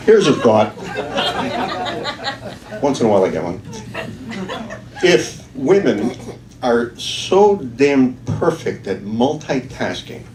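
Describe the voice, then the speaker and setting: A man telling stand-up jokes with a lively, up-and-down delivery and dry asides. He is miked from a distance in an echoey small club, with noise in the background. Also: medium pitch. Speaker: stand-up comedian. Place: small comedy club venue. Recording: echoey room, distant mic, noisy.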